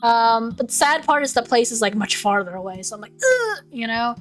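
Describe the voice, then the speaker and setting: High-voiced stammering young woman streamer. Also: brisk. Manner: stammering, repeats words, laughs often. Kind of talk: casual chat, reading out chat messages.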